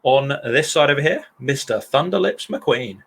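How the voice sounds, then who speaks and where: A man's voice: medium pitch, animated, normal speed, gravelly, slightly rough. A young man hosting a casual podcast with jokey, mock-formal banter. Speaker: stand-in podcast host.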